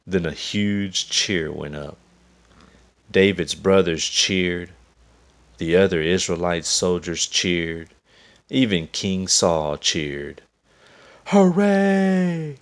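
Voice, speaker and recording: Slow, deep, gravelly male storyteller. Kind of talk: scripted children's story narration.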